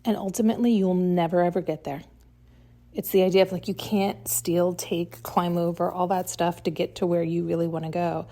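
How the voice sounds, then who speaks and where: Gravelly, blunt podcast woman. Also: fairly low pitch, level tone, moderate pace, dark tone. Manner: blunt and heated, swears freely. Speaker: podcast host. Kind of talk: intuitive reading, solo monologue.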